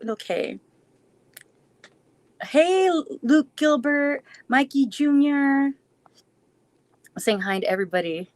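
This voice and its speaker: A woman's voice: high-pitched, lively intonation, slow, pauses often, no room sound. A woman live streaming a casual Q&A, answering chat in a rambling, reflective way with frequent restarts.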